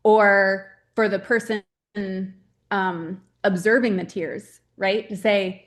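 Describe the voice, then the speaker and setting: A woman speaking as a grief specialist guest in a casual interview, earnest and chatty, often ending points with a quick question tag. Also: mid-range voice, fairly even intonation. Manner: earnest, chatty, many "right?" tags.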